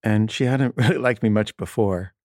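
A man's voice: fairly low pitch, moderate pace, a little mellow, no echo, studio quality. A man casually telling a personal story, wry and loose, with frequent filler words.

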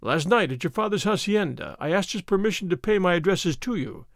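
A man reads an overbearing army captain with a purring, sneering delivery, his tone sliding freely up and down. The voice sits fairly high for a man and sounds close and dry, with no room around it. This is a storybook villain who presses, mocks and will not take no for an answer. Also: lively intonation, brisk, a bit bright, no room sound. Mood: wooing. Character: arrogant bold army captain suitor, male. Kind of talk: audiobook character reading.

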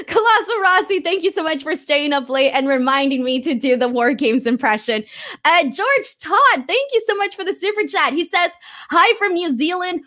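A woman's voice: high voice, fairly bright tone. A young woman hosting a livestream, reading viewer messages aloud and giving her opinions in a chatty way with frequent fillers. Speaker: wrestling show host reading viewer chat. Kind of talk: casual livestream chat.

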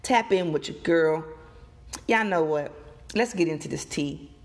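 A woman's voice: deep voice, a little slow. Emphatic, chatty woman vlogger. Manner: emphatic, animated, repeats and addresses viewers directly. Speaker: gossip vlogger. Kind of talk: casual opinion commentary to viewers. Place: outdoors.

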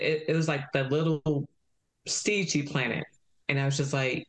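Man, podcast guest, soft and hesitant, lots of ums, a bit higher-pitched. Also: steady tone, moderate pace, poor audio. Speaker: podcast guest, former athlete. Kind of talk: casual podcast chat.

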